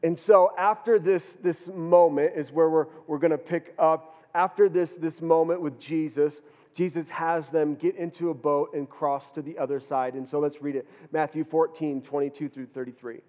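Guy pastor preaching, kinda high voice, sounds muffled and dull, lots of "we're, we're". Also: steady tone, moderate pace. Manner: earnest preaching with frequent repeated words. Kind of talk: sermon. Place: church hall. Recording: dull reverberant church hall.

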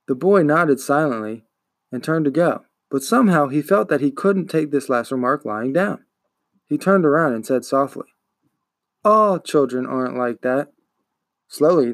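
A man, a podcast host, reading a children's book aloud in an expressive storytelling manner. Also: medium pitch, moderate pace, dry recording, clean studio sound. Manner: expressive, acts out the characters.

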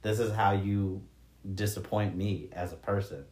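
Chill guy with a lowish voice talking slang with friends, room echo on it. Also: fairly even intonation, a little slow, a little mellow. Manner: laid-back, casual slang, laughs often. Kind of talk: casual chat. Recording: echoey room.

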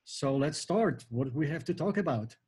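A man from Poland, a business consultant being interviewed as a guest, polite and measured. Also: a little high, animated, a little mellow, husky. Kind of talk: interview answers.

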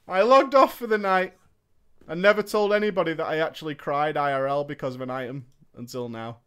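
A man hosting a casual show, reading out viewer stories and reacting. He is animated, swears a lot and laughs often. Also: fairly high pitch, a little fast, clear, resonant tone. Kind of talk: casual storytelling chat.

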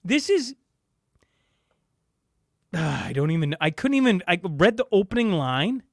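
A high-pitched man co-hosting a podcast, ranting with exasperation and stumbling over his words. His pitch swings widely as he talks. The sound is close and dry, with no room in it. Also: very animated, unhurried, dry recording. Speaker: podcast co-host. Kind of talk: casual podcast chat.

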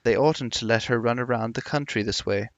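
A man's voice: medium pitch, fairly quick, dry recording, natural voice. A man reading the lines of a blunt, domineering wealthy husband with a curt, disapproving delivery. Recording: dull lo-fi recording.

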